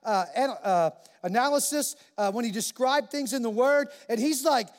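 Man, pastor, sermon, very high voice, emphatic, repeats phrases, long hall reverb. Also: moderate pace.

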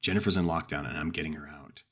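A man's voice: very deep voice, steady tone, fast, a bit bright, breathy edge, exaggerated voice. A man playing a stern, curt station captain. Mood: commanding. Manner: curt, commanding. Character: stern male station captain giving orders.

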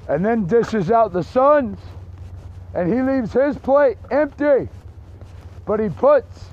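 A man preaching outdoors in a park, telling a story slowly and deliberately, dropping his voice for the quoted lines. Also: extremely high pitch, darkish tone, muffled recording. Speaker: street preacher. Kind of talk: sermon storytelling.

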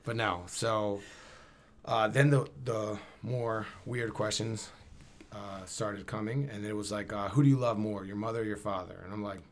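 Slangy New man, lowish voice. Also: moderate pace. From Camden, New Jersey. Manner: animated, slangy, acts out dialogue. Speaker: guest. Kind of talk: casual storytelling.

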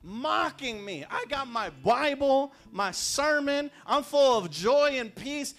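High, bright-voiced man preaching. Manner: storytelling, builds to fervent shouts. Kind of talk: sermon.

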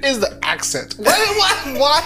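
A man's voice: very high-pitched, huge pitch swings, measured pace, sharp tone, faint music behind. A man co-hosting a podcast, teasing and incredulous in casual chat. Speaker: podcast co-host.

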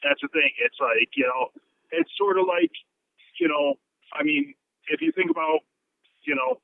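A man's voice: a little high, wildly swooping pitch, moderate pace, creaky, no echo. A man chatting as a podcast guest, swearing often and leaning on fillers. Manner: profane, filler-heavy talk. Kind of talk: casual chat. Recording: tinny phone line.

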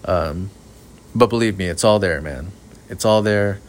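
A low-pitched man talks through a late-night solo podcast rant. His delivery is flat and monotone, loose and profane, and he rambles with a self-aware edge. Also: unhurried. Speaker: podcast host. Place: outdoors at night near an apartment complex. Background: sprinklers.

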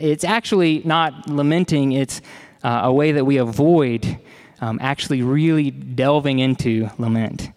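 A man preaching a sermon to his congregation, measured and conversational, slowing down to stress key words and adding casual asides. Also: mid-range voice, darkish tone. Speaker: pastor.

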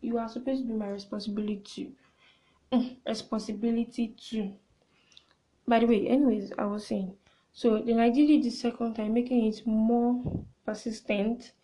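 A young woman hosting a podcast, chatting through a casual story in an expressive way and sometimes dropping into hushed asides. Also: fairly high pitch, normal speed, poor audio. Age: young adult. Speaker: podcast host.

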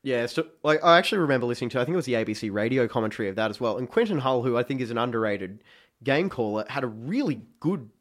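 An Australian man telling a football match story in a casual chat, animated and acting out shouts. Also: medium pitch, rapid-fire.

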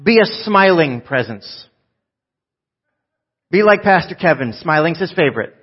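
A man preaching a live sermon to a church congregation, joking and swinging from loud bursts to soft, low asides. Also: animated, measured pace, husky, highs cut off. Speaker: pastor.

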